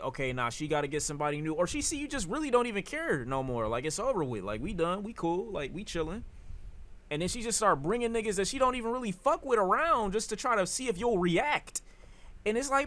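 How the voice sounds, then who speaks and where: Heated guy ranting bout rap, aave, high voice that jumps all over. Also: lively intonation, normal speed, a bit bright. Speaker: streamer reacting to rap news. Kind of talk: casual reaction commentary.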